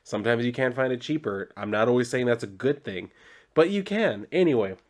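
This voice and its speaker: A man's voice: medium pitch, animated, a little fast. A man reviewing a comic book in a casual, rambling recap full of "like" and swearing. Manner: rambling, profane, heavy on "like".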